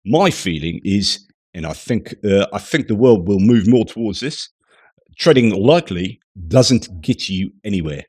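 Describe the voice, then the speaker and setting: A man's voice: fairly low pitch, animated, unhurried, darkish tone, breathy edge, dry recording, studio quality. A man putting on a New Zealand accent to voice an indignant middle-aged diplomat, speaking emphatically with a raised voice. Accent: New Zealand (attempted).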